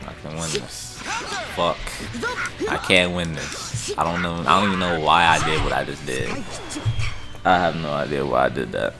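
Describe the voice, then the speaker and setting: A young man giving casual live commentary while playing ranked fighting-game matches, swinging between muttered complaints and yelled reactions. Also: a bass voice, steady tone, normal speed. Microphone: desktop USB microphone. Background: loud game music.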